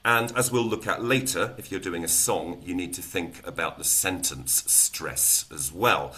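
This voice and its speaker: A man, a teacher trainer giving a lesson who explains calmly and then breaks into loud, rhythmic chants. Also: low-pitched, measured pace.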